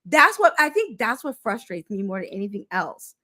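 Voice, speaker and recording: A woman's voice: medium pitch, sing-song, moderate pace, pushed and bright. A woman co-hosting a casual chat, blunt and exasperated, swearing freely as she presses her point.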